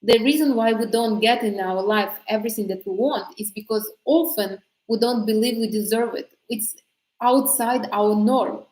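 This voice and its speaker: A woman with a slightly high, somewhat mellow voice coaches casually on manifesting at a moderate pace, chatting with lots of fillers, restarts and self-corrections, and laughing often. The recording is reverberant and of poor quality.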